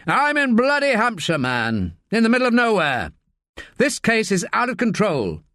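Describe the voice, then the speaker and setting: A man's voice: high-pitched, wildly swooping pitch, normal speed, bright, forceful tone, no echo, studio quality, pitched above the performer's own voice, heavily acted. A man voicing a bossy, agitated senior male police officer, swearing and barking orders.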